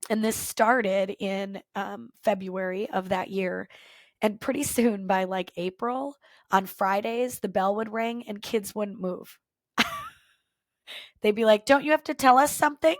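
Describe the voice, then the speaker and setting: A woman podcast host and culture coach telling a personal story in an earnest, reflective way, with thoughtful pauses. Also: medium pitch, fairly even intonation, no room sound, studio quality. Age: former teacher, adult.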